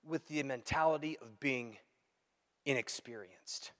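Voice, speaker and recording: A pastor preaching a sermon, acting out quoted dialogue and swinging between loud and hushed delivery. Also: male voice, mid-range voice, a little slow. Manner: animated, acts out quoted dialogue. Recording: long hall reverb.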